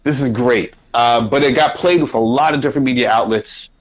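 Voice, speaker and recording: A man, a podcast guest, telling a casual anecdote with lively quoted asides. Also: medium pitch, fast. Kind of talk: casual storytelling. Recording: dull lo-fi audio.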